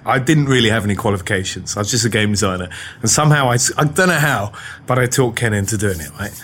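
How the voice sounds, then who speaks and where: A man's voice: on the low side, fast, a little hiss or hum. An English man, a game developer, telling an anecdote in an interview and acting out the voices of people in his story. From England. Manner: animated, acts out voices in his stories.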